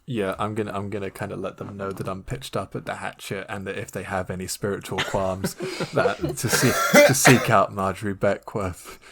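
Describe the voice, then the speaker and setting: A man's voice: sits low, normal speed, hardly any pauses. A man playing a tabletop game, rambling and laughing mid-sentence. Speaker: player. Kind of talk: casual tabletop play.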